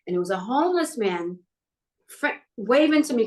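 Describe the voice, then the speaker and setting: A woman's voice: fairly high pitch, moderate pace. Middle-aged woman telling stories from life. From New York. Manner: animated, acts out the people in her stories. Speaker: guest, talent manager. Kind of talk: personal storytelling in a casual interview.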